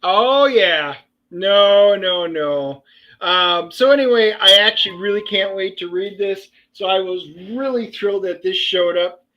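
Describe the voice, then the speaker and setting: A man co-hosting a casual livestream, talking excitably in rambling, sarcastic banter. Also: high-pitched, normal speed, few pauses. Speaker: co-host and writer. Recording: dull lo-fi sound.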